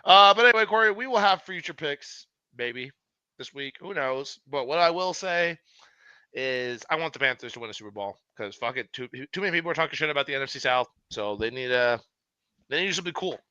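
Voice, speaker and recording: A man co-hosting a casual sports podcast, excitable and swearing freely, with quick asides. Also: mid-range voice, smooth, dry recording, muffled recording. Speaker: podcast co-host.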